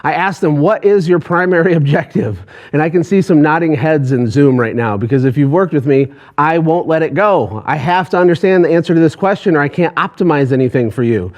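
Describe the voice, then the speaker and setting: A man's voice: on the high side, a little fast, lo-fi sound. A man, a business coach, giving a passionate motivational talk to an online audience, pushing hard with rhetorical questions.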